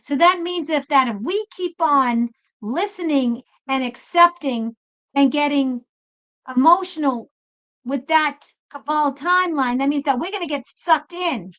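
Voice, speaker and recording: A woman's voice: high-pitched, fairly bright tone. A woman hosting a spiritual pep talk, blunt and profane, swearing freely and with emphasis. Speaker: tarot reader and spiritual channel host. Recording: slightly dull lo-fi sound.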